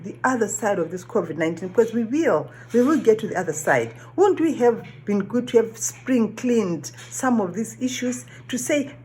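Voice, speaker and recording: A woman's voice: medium pitch, a little mellow, slightly rough. A woman whose first language is not English, giving an earnest reflective monologue, often asking questions and repeating phrases. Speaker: vlogger.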